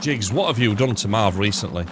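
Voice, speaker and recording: A man streaming a shooter game live, rambling and thinking out loud, chatting to his viewers with jokey asides and casual swearing. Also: lowish voice, lively intonation, brisk, background noise. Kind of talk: live gameplay commentary.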